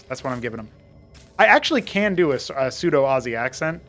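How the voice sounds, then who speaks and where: A man casting a strategy-game match live, mixing quick play-by-play with rambling trivia asides. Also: medium pitch, sing-song, fairly bright tone, faint music behind. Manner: chatty play-by-play that wanders into trivia. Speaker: esports caster and show host.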